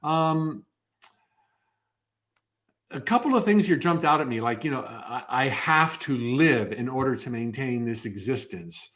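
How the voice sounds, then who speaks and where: A man's voice: medium pitch, lively intonation, measured pace, a bit bright. A man in his fifties hosting a live motivational workshop, upbeat and enthusiastic, often restarting his phrases. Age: 50s.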